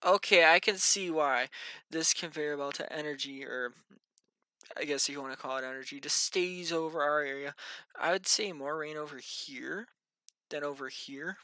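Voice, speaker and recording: A man's voice: a little high, normal speed, sharp tone, no echo. A tired, yawning man giving a casual, rambling weather briefing and muttering to himself as he thinks aloud. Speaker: amateur weather vlogger.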